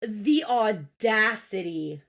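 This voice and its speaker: A woman's voice: medium pitch, animated, extremely slow, a bit bright. A woman co-hosting a casual podcast, recapping a show with exasperated swearing and mimicking people's quotes. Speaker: podcast co-host.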